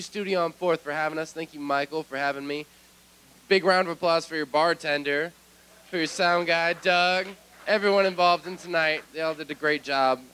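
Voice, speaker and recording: A man's voice: fairly high pitch, bright, forceful tone, smooth. A man hosting a comedy show, closing the night and thanking the comics and the crowd. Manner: loose, thankful wrap-up. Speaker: host. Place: small comedy club stage.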